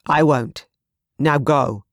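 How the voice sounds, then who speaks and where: Narrator as a grim, protective husband. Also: male voice, fairly high pitch, takes it slowly, no echo, studio quality. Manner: firm, grim, commanding. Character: protective, fierce young husband.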